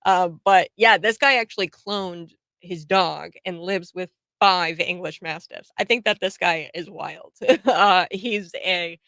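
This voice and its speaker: Dry, bright-voiced woman talking politics. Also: lowish voice, slow pace, no room sound. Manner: animated, laughs often, frequent fillers and restarts. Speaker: political commentary host. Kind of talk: casual opinion monologue to camera.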